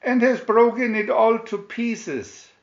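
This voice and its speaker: A man voicing a small baby bear in a high wee voice for a storybook. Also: slow, reverberant, dull audio. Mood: upset.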